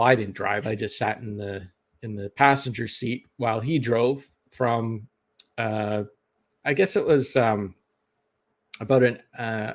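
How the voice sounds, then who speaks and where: A Canadian man with a Canadian accent, telling a long story in casual podcast chat, full of fillers and restarts. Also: medium pitch. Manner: rambling, many fillers and restarts.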